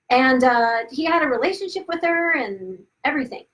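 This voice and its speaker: Animated woman telling her own story. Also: high voice, fairly quick, low-quality recording. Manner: animated, laughs at her own past, frequent restarts and asides. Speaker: host of a live video series. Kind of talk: casual candid storytelling to viewers. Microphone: webcam or phone, live stream.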